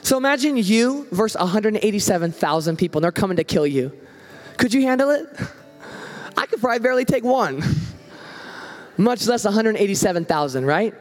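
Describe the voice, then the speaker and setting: Youth pastor guy preaching, super high voice, acts out the quotes, echoey church hall. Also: lively intonation, fairly quick, pauses often, a little mellow. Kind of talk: sermon.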